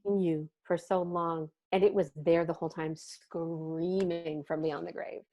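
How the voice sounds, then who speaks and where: A woman from Canada, a podcast guest in casual chat, telling stories with animated acted-out quotes and casual swearing. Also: fairly low pitch, a little slow, dull audio. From Ontario, Canada.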